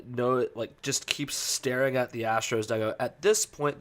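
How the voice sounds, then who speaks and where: A man hosts a casual podcast in an ordinary mid-range voice. He talks loosely and hesitantly, full of fillers and restarts, then slides into heated, profane ranting. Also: mid-range voice. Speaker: podcast host.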